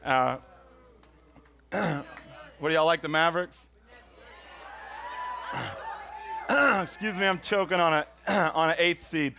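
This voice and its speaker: Bright-voiced man telling a story. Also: fairly high pitch, measured pace, vocal fry, pauses often. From Houston, Texas. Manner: rambling, chatty, self-mocking. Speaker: stand-up comedian. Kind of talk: stand-up storytelling.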